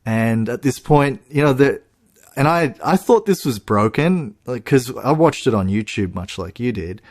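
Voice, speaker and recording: A man co-hosting a podcast, chatting in an animated way with laughs and restarts. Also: mid-range voice, measured pace. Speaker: podcast co-host. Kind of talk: casual chat. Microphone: podcast microphone.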